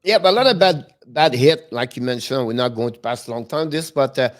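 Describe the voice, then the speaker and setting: A man co-hosting a hockey talk show, speaking as a with halting phrasing and frequent restarts. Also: mid-range voice, lively intonation. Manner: halting, restarts phrases, non-native grammar. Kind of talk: casual sports talk.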